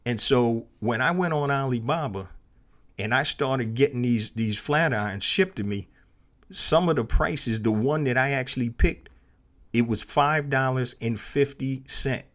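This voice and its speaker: A man's voice: mid-range voice, measured pace. A middle-aged man hosting a solo podcast, telling a personal story in a loose, conversational way with many fillers and restarts. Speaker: podcast host.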